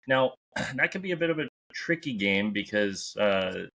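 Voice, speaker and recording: A man's voice: lowish voice, animated, moderate pace, vocal fry, a bit bright. A man hosting a podcast interview, chatting casually and giving upbeat, encouraging advice. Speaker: podcast host.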